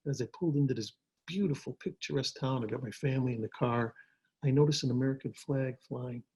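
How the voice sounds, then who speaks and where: An older man, an actor, telling stories in a relaxed interview from his home over a video call, with frequent restarts and repeated words. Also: medium pitch, fast talker, slightly rough, poor audio. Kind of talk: casual storytelling interview.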